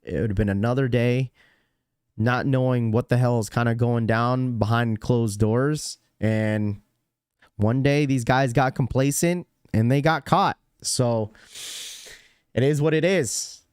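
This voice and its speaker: Young man, livestream host, rambling chat, smooth voice, dry close sound. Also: mid-range voice, measured pace, a little mellow, no echo. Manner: rambling, repeats himself, lots of "you know" fillers. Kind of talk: casual livestream chat, reading chat messages aloud.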